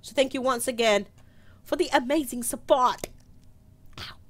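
A British woman streaming a game live, chatting to viewers, squealing and shouting as she plays. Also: high-pitched, normal speed. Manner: excitable, squeals and shouts while playing. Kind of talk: live gameplay commentary.

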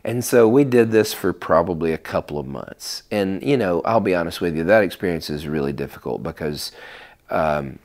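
A man, a guest musician, telling stories in a casual interview, animated and rambling with many restarts. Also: low-pitched. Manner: animated, acts out conversations with quick voice shifts.

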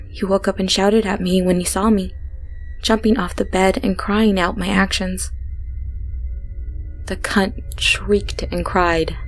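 A woman narrating a horror story in a hushed way, slipping into whispered passages. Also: lowish voice.

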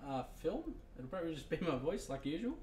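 A man's voice: a little high, big pitch swings, brisk, darkish tone. Easygoing man, roomy and distant. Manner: easygoing, amused, thinks aloud. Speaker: guest. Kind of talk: casual chat. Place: a friend's home.

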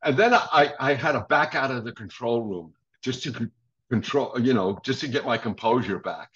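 Older male drummer guest, lively raconteur who acts out quotes, dull lo-fi sound. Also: mid-range voice, moderate pace. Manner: animated storyteller, laughs often, acts out quoted voices. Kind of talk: casual interview storytelling. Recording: dull lo-fi audio.

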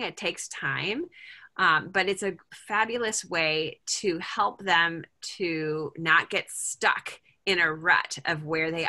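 A woman's voice: low voice, bright, forceful tone. A middle-aged woman leading a parent group over a video call, talking casually and thinking aloud with lots of fillers and restarts.

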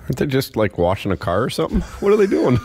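A man co-hosting a radio show, chiming in with quick laughing asides during casual banter. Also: mid-range voice, wildly swooping pitch, gravelly, darkish tone.

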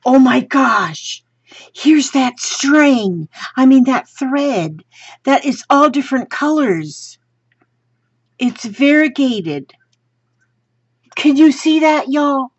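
Slow, husky woman gushing over mail. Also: high-pitched, dry recording. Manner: gushing and excitable, talks to viewers while handling items. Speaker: craft vlogger. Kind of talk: casual unboxing chat. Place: home craft room. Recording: slightly dull lo-fi sound.

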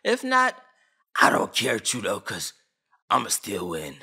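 A man's voice: on the low side, wildly swooping pitch, unhurried, vocal fry, sharp tone, breathy edge. A young man from Canada ranting on camera about a law, agitated, blunt and full of slang. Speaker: vlogger. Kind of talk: heated opinion rant.

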